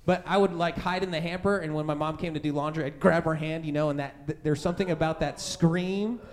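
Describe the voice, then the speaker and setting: Man pastor with a high, youthful-sounding voice, preaching casually and acting out his stories with lots of energy. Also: brisk, slight background noise. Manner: animated storytelling, acting out scared voices; conversational, many fillers like "right?" and "like". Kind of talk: sermon with personal story.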